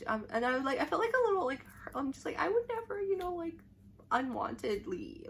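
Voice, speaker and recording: A woman's voice: sits high, expressive, brisk. A young adult woman vlogging to camera, telling a story in a chatty, rambling way full of "like" and restarts.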